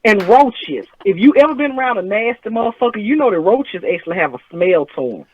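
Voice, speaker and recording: A man telling stories as a host in a casual chat, profane and animated. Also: high-pitched, fairly quick, a little hiss or hum. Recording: tinny phone-like sound.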